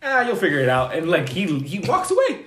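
A man's voice: sits high, wildly swooping pitch, brisk, fairly bright tone, echoey room, faint music behind. A man telling a story among coworkers, repeating words for emphasis.

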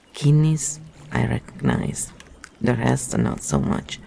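A man's voice: medium pitch, creaky, dark tone, slight background noise. A man reading a book aloud and breaking off into rambling, musing asides. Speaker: reader.

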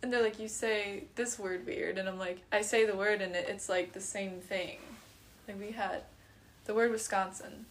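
A woman's voice: medium pitch, normal speed, slight background noise. Giggly Midwestern woman chatting. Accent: Chicago-area. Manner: giggly, animated storytelling. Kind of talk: casual chat.

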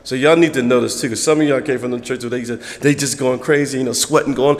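A man preaching a conversational sermon as pastor, acting out church members in quick voices. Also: mid-range voice, steady tone, long reverb tail.

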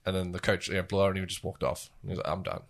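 Deep-voiced man rambling through a story. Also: completely flat delivery, rapid-fire. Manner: rambling, filler-heavy storytelling. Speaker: podcast co-host. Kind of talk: casual chat.

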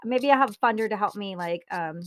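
A woman hosting a podcast interview, chatty and quick to laugh. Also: medium pitch. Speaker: podcast host. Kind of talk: casual interview talk.

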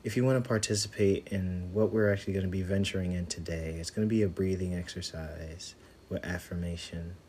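A man hosting a podcast, guiding listeners through a breathing exercise with soft, repeated affirmations. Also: low-pitched, steady tone, a little hiss or hum. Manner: soft, slow, repetitive and soothing. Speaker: podcast host leading a healing exercise. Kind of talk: guided meditation with affirmations.

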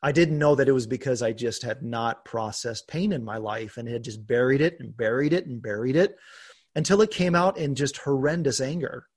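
A man hosting a podcast, talking earnestly and openly about his own life, with bursts of laughter and animated emphasis. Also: mid-range voice, normal speed, husky. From United States. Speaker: podcast host. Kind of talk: conversational podcast talk.

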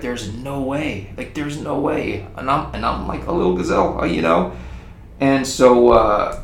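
A man casually retelling a secondhand story in an animated, rambling way, with frequent restarts. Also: medium pitch, gravelly, slight background noise. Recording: roomy echo with faint ambience.

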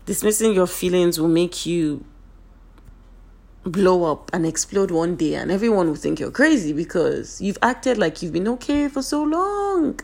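A woman's voice: on the low side, animated, measured pace, vocal fry, a little mellow. A woman from Nigeria, giving an earnest, emphatic motivational talk to her viewers, repeating her key points, her voice a little off today. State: voice a bit off today.

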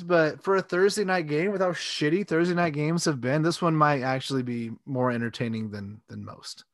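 A man's voice: fairly high pitch, normal speed, no echo. Laid-back man hosting a sports podcast. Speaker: podcast co-host. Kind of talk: casual sports podcast chat.

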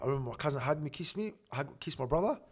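A man, a guest telling a story in casual, profane, animated talk. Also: a little high, rapid-fire. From Australia.

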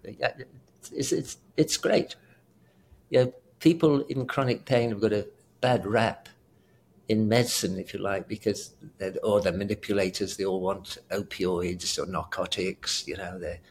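A man's voice: lowish voice, steady tone, unhurried, a little hiss or hum. An older man with a British accent, a retired doctor rambling and chuckling as an interview guest. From South Africa. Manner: rambling, chuckling, self-correcting. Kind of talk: casual interview chat.

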